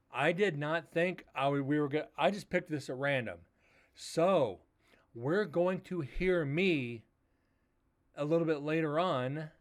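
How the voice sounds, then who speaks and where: A man hosting a paranormal livestream, chatting casually and rambling a little, with a loud voice that he says carries far. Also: fairly high pitch. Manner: rambling, laid-back talk with fillers. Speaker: paranormal investigator host.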